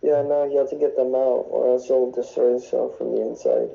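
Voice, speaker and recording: Young guy rambling navy stories, swears a lot, gravelly dark voice, dull audio. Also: mid-range voice, fairly even intonation, fairly quick. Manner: rambling, swears often, restarts. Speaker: podcast guest, navy sailor. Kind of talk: casual storytelling. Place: dorm room on base.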